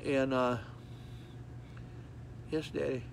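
A man preaching a sermon, folksy and repetitive, telling stories with animated acted-out moments. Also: medium pitch, extremely slow, creaky, slight background noise.

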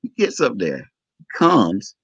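A man's voice: on the low side, takes it slowly, gravelly, husky, dry recording. A man telling an emotional personal story as an interview guest and acting out the dialogue. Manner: emotional, animated, acts out dialogue. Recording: dull lo-fi, dry.

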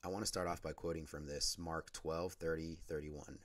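A man with a hoarse voice from a cold, talking loosely with many fillers and praying aloud. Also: extremely low pitch, fairly even intonation, moderate pace. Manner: unscripted, rambling, many fillers. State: lost voice from a cold. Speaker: Christian vlogger. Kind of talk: casual talk and spoken prayer.

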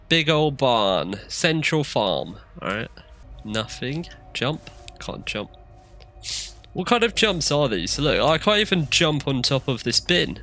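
Bright, jittery young man gaming. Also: mid-range voice. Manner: jittery running commentary, shrieks when scared. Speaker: gamer. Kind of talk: let's play commentary.

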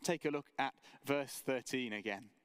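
A man preaching a sermon for an online church service, measured and earnest, with story-telling asides. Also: mid-range voice, smooth, no room sound. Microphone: camera mic, online service.

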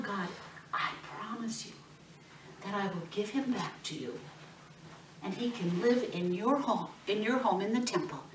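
A woman's voice: medium pitch, slight background noise, natural voice. A woman voicing a grieving young woman who earnestly begs God for a child, in a roomy room from a distant mic. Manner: pleading, earnest.

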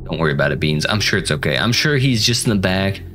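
A gaming channel host commentates a horror game in a casual, jokey way, playfully bantering with the characters on screen. His voice is low-pitched and fairly bright, with lively intonation and fast delivery. There's slight background noise.

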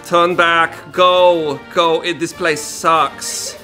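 A man's voice: a little high, flat delivery, drawn-out words, sharp tone, heavily acted. A man putting on a pompous French statue. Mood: grandiose. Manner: slipping fake French accent. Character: the Statue of Liberty, grandly French. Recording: music playing behind.

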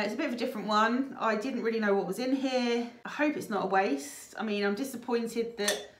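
A woman with a husky voice, chatting casually and showing how she packs her stock, with plenty of ums and likes. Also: mid-range voice, roomy sound. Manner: chatty, fillers like um and like. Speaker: reseller vlogger. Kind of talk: casual chat and demonstration.

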